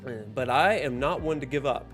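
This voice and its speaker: A man's voice: medium pitch, a little fast, fairly bright tone, soft background music. A man hosting a casual livestream from home, joking, laughing often and chatting directly to his viewers. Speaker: livestream host.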